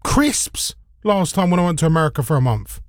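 A man's voice: fairly high pitch, expressive, fairly quick, no room sound, clean studio sound. A man from London with a London accent, hosting casual radio chat and telling stories, acting out other people's voices. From London, England. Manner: chatty storyteller, acts out other people's voices. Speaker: radio host.

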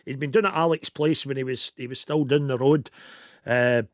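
A man's voice: mid-range voice, steady tone, brisk, no room sound, clean studio sound. A Scottish man hosting a casual chat and putting questions to his guests. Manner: chatty questioning interviewer. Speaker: host.

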